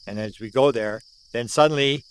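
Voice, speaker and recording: Here a man in his sixties from Canada, an older UFO researcher, narrates a sighting outdoors at the spot where it occurred. His medium-pitched voice is clear and resonant, delivered at a moderate pace. The telling is animated, full of emphatic repetition and acted-out dialogue.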